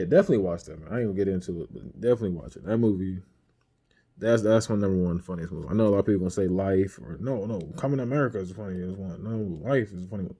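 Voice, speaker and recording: A man's voice: low-pitched, warm tone, slightly rough. A man hosting a podcast, casually ranking movies in slangy talk and laughing as he retells scenes into a camera mic. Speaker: podcast host reviewing movies.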